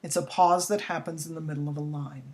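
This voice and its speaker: A woman's voice: low voice, fairly even intonation, quick pace, a little mellow. A woman teacher explaining poetry to her students in a recorded lesson, chatty and unscripted, exaggerating the rhythm when she reads verse aloud. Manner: uses fillers and restarts, chatty.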